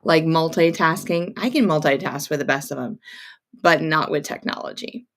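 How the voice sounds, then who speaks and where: A woman's voice: low-pitched, moderate pace. Chatty woman hosting a sewing livestream. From upstate New York, near Montreal. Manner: chatty, greets viewers by name, rambling asides. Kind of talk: casual live-stream chat.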